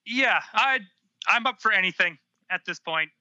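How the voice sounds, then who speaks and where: Man, podcast guest, high sharp voice, animated, dull remote call audio. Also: moderate pace, no echo. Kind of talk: casual chat.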